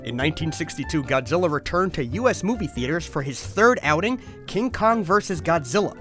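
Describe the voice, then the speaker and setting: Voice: mid-range voice, animated, brisk, fairly bright tone, soft background music. A host giving a comedic overview of toy history, with wry, exaggerated comic outbursts.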